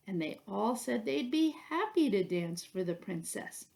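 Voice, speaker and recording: A woman reading a children's picture book aloud in a slow, expressive way. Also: mid-range voice, vocal fry. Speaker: storyteller.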